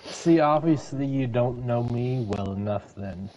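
A man's voice: medium pitch, a little slow, muffled recording, noisy background. A man playing along on a game stream, hesitant and teasing, often trailing off mid-sentence. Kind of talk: casual gameplay chat.

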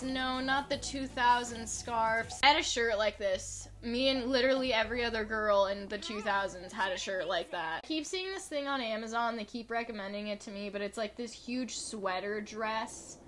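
A woman's voice: on the high side, normal speed, hardly any pauses, a bit bright. A woman in her twenties giving chatty, sarcastic commentary while playing a video game, full of "like". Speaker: gaming YouTuber. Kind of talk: casual gameplay commentary.

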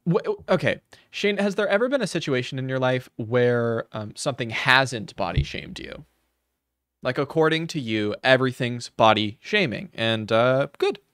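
A man's voice: mid-range voice, expressive, moderate pace, a bit bright, clean tone, dry recording, studio quality. A man doing sarcastic reaction commentary on a video, mocking and swearing as he rants. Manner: mocking, profane, ranting.

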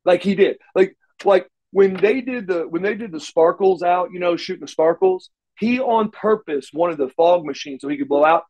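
A man's voice: high voice, normal speed, hardly any pauses, darkish tone, rough recording. A middle-aged man from Oklahoma telling rambling backstage stories as a guest in a shoot interview, with frequent restarts and salty language. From Oklahoma, USA. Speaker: interview guest, former wrestler.

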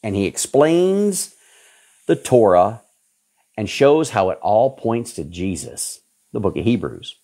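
A man in his fifties preaching a sermon, emphatic and repetitive, his voice jumping suddenly in pitch to stress a point. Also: big pitch swings, slow, dark tone. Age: 50s.

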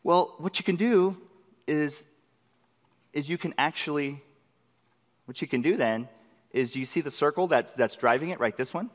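An excitable man leads a live software demo, his voice pitched a little high and full of eager rhetorical questions. He is recorded through a presenter mic, and the long reverb of a conference hall trails behind his words. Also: moderate pace, pauses often. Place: large conference session room.

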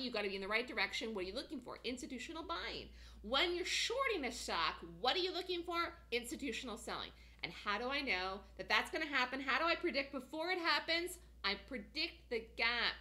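A woman teaching day trading on a screen share, excited and emphatic, often repeating herself. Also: high voice, a little fast. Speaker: trading instructor.

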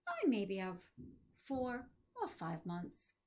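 A woman voicing a gentle dying old professor. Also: mid-range voice, wildly swooping pitch. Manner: soft, gentle, unhurried. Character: dying elderly male professor, calm and accepting.

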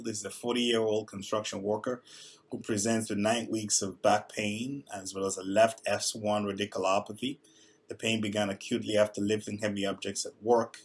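A man with a somewhat low, husky voice presents a recorded lesson. He talks in a measured, explanatory way, often pausing on filler sounds. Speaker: neurosurgeon teaching coding.

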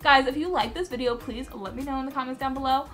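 Bubbly high-voiced young woman vlogger. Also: fairly even intonation, fast, fairly bright tone. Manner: bubbly, gushing and giggly. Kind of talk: casual vlog chat.

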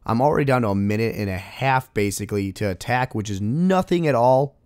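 A man hosting a gaming video, talking through a strategy game attack in casual commentary and exclaiming loudly at close calls. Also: mid-range voice, a little fast, smooth, dry recording. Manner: excitable, exclaims at game moments.

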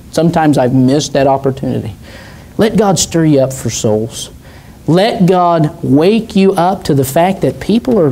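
A man preaching a sermon in a church, telling stories with fervor and building to shouts. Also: fairly high pitch. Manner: fervent storytelling preacher, rising to shouts. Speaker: pastor. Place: church sanctuary.

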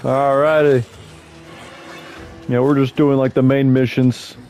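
A man's voice: medium pitch, little pitch movement, slow, darkish tone. A man casually commenting on his game playthrough, playful, with whoops and sound effects. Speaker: gaming YouTuber. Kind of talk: casual let's-play commentary. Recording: over game audio with music.

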